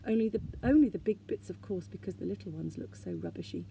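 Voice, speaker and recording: Soft mother troll read by a woman, sighing, mellow, gravelly under it. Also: medium pitch, wildly swooping pitch, fast, slight background noise, low-quality recording. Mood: tender. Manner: sighing, tender. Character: warm motherly female troll.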